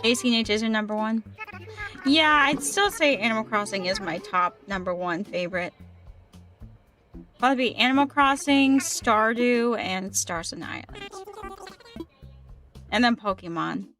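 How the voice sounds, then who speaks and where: A woman streaming a cozy game who chats loosely with her viewers and reads their messages aloud. Her voice sits a little high, and she circles back over her own words. Soft music plays faintly behind her. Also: lively intonation, unhurried, pauses often. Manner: chatty, reads chat aloud, repeats herself. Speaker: gaming streamer. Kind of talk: casual livestream chat.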